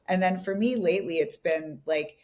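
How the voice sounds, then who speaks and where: Female podcast coach, lowish voice, reflective, laughs easily, chatty fillers. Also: normal speed, darkish tone. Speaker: podcast co-host and relationship coach. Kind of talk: casual podcast conversation.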